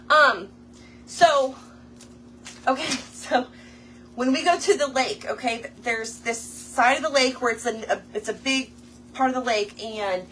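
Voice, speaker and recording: A woman chats away in a lively storytelling voice while she crafts at her table. Her voice is bright and a little high, and she talks straight to her viewers on a close mic. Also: a little hiss or hum. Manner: chatty, animated storyteller addressing viewers as y'all. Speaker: craft vlogger.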